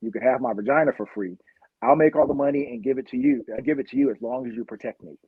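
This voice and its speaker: A man's voice: medium pitch, quick pace, breathy edge, no room sound, phone-quality sound, natural voice. A man voicing a desperate young woman on the streets who pleads for protection in a confiding way. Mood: pleading.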